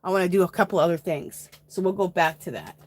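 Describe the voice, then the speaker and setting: A woman's voice: on the low side, animated, quick pace. Chatty woman hosting an art tutorial. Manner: chatty, addresses viewers as "you guys". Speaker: art journaling host. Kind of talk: casual livestream art tutorial.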